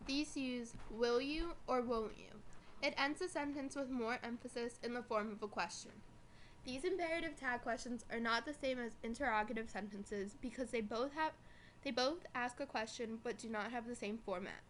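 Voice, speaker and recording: Young woman reading school notes, higher voice, slows on examples, faint hiss. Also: a bit bright. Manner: reads from notes, slowing on examples. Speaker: student presenter. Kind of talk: scripted school presentation.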